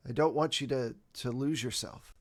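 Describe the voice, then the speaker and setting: A paranoid, agitated husband who presses his point and curses, played by a man in his own voice. His pitch is medium and his tone is plain. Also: moderate pace, natural voice. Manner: anxious, insistent, swears.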